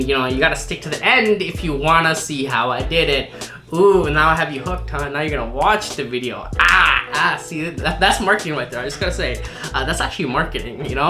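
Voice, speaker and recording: A man's voice: a little high, pushed and bright. Upbeat chatty young man vlogging. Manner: upbeat, chatty, boastful, laughs often. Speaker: marketing vlogger. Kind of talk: casual vlog chat.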